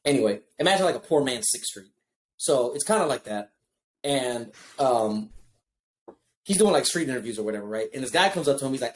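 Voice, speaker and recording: A man telling a story in casual podcast chat, profane and animated. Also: medium pitch, fairly quick. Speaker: podcast co-host.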